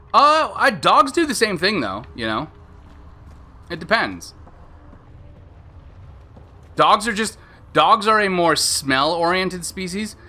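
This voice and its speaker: A man's voice: high voice, very animated, slow pace, long pauses, bright, forceful tone. A man streaming a video game live, chatting in a rambling way, laughing at himself and swearing casually.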